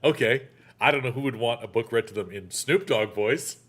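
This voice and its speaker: A man hosting a casual chat show, telling a story in a lively way and acting out the voices he quotes. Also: mid-range voice, moderate pace, husky. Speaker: podcast host.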